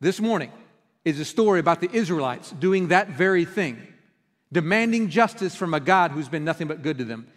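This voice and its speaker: Pastor, middle-aged man, chatty storytelling sermon with lively acted-out lines, higher voice, long church reverb. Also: fairly quick. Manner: conversational storytelling with animated quoted outbursts. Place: church sanctuary.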